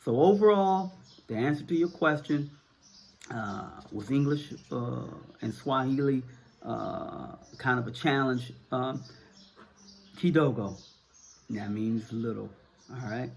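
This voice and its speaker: Gravelly American man, Northern accent. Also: medium pitch, a little slow, a little hiss or hum. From United States. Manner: rambling, repeats words, many fillers. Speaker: vlogger answering viewer questions. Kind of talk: casual to-camera talk.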